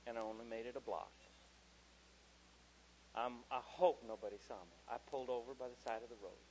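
A man telling an animated stand-up story about raising his daughters, switching into character voices. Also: medium pitch, fairly quick, long pauses. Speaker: comedian. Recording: dull lo-fi live recording with faint noise.

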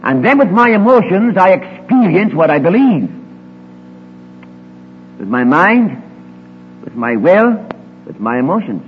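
A man preaching a sermon, swinging between emphatic rises and quiet low asides. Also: sing-song, unhurried, pauses often. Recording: tinny lo-fi recording with long hall reverb and faint hum.

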